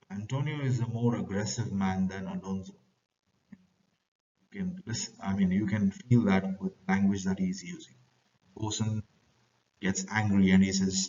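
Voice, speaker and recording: A man's voice: fairly even intonation, normal speed, pauses often. Indian man teaching a play, distant. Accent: Indian English. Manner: reads quoted lines louder and higher, then paraphrases plainly. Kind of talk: reading and explaining a play to students. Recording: lo-fi, distant from the mic.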